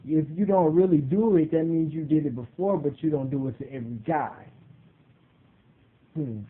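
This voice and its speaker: A young man ranting casually to his camera, mocking and swearing, jumping high in pitch when he gets worked up. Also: moderate pace. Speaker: vlogger. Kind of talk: casual profane rant. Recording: tinny phone-like sound.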